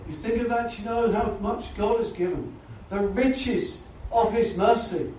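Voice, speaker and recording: Unhurried and darkish in tone, this high male voice pleads earnestly through a gospel sermon, saying "you know" again and again. The echo of the church or gospel hall, the distant placement, and faint noise mark the recording.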